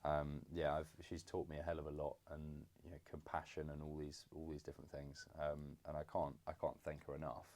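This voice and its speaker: A young man from England in a casual podcast chat with his father, halting and full of fillers. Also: rumbling low, monotone. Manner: hesitant, many fillers and restarts, warm teasing. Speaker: podcast co-host, son. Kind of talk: casual conversation.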